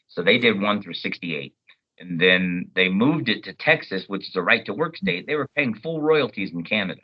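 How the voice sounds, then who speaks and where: A man, a voice actor, chatting as an interview guest and telling stories in an animated way. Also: fairly low pitch, a little fast, muffled recording. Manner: animated, storytelling, jumps into character voices. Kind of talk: casual interview chat.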